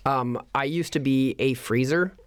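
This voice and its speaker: A man's voice: medium pitch, unhurried, clean tone, dry recording, studio quality. A man hosting a podcast, chatting casually and playfully, fond of dad jokes. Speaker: podcast host. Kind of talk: casual chat.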